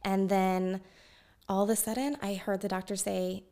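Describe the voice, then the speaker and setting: A woman guest telling a personal story in conversation, animated and laughing often as she talks. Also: mid-range voice, normal speed.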